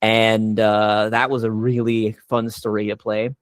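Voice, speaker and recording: A young adult man, a voice actor on a panel, speaks a little slowly in a voice on the low side, with no room sound. He retells stories casually and animatedly, filling them with "like" and frequent restarts.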